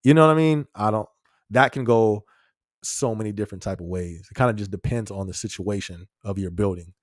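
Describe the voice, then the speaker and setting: A man's voice: fairly low pitch, a little fast, dry recording, studio quality. A man hosting a casual live-stream podcast, talking in a loose, slangy way and chuckling often while he answers viewers' comments. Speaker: podcast host.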